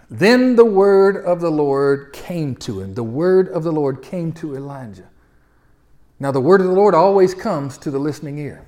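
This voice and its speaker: A man preaching a sermon, swinging from loud, emphatic exhortation to low, quiet reflection, repeating phrases and calling the congregation to answer. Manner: repetitive, call-and-response delivery with stutter-starts. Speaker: pastor.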